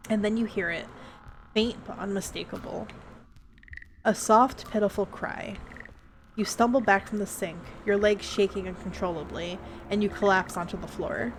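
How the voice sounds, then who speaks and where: Woman streamer, horror story reading, dramatic, mid-pitched, faint background hiss. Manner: dramatic reading with joking asides to chat.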